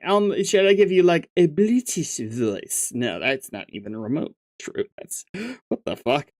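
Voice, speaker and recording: A man doing a casual read-through of a webcomic, stopping for wry, laughing asides. He talks at a slow, unhurried pace. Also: on the high side, a little mellow. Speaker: webcomic read-along host.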